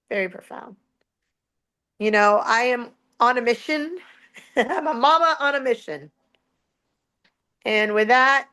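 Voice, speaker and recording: A woman's voice: a little high, fairly bright tone. A woman on a motivational panel who talks earnestly, laughs often and repeats her words for emphasis. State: just out of hospital.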